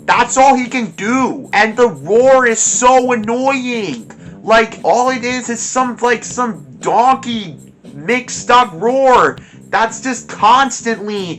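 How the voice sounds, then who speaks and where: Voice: medium pitch, fairly bright tone. A movie reviewer ranting in an exasperated way, firing off rhetorical questions and using lots of fillers.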